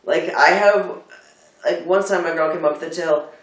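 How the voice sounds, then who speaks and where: A man's voice: on the high side, fairly even intonation, moderate pace, a bit bright, far from the mic. Man with a Philadelphia-area American accent, echoey room. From Delaware County, United States. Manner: rambling, filler-heavy storytelling. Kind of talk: casual chat.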